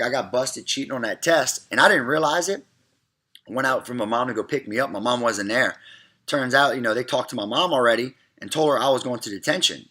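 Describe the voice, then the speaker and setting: A middle-aged man talks straight to his viewers about raising kids, earnest and a little repetitive, leaning on "all right" and "look." His voice sits at an ordinary pitch with a bright, forceful edge. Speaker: host of a parenting segment. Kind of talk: casual advice talk to camera.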